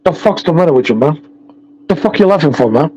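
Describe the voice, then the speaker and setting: A man's voice: a little high, expressive, darkish tone, highs cut off. A man voicing a brash, hot-tempered immigrant drug dealer, swearing aggressively. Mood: angry, demanding. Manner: aggressive, swearing, rapid-fire.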